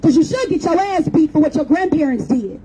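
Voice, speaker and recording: High, mellow-voiced woman giving a blunt rally speech. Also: lively intonation, fairly quick, a little hiss or hum, poor audio. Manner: blunt, profane and mocking, with jokes. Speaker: rally speaker. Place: outdoor public rally in a city square.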